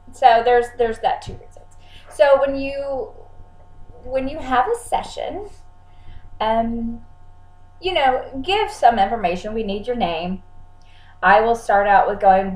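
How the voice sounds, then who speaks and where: A woman's voice: a little high, a little mellow, echoey room, poor audio. A woman who works as a psychic channeler gives casual advice to clients, talking freely, repeating words and acting out what clients say. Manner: chatty, repeats words, acts out clients' lines.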